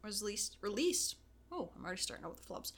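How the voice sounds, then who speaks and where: A woman's voice: medium pitch, very animated, quick pace. Giggly woman podcast co-host. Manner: giggly, stumbling over words. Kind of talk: casual chat.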